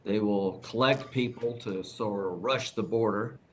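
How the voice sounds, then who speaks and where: A man's voice: fairly low pitch, a little slow, slight background noise. A man questioning a witness at a formal hearing, asking pointed, pressing questions.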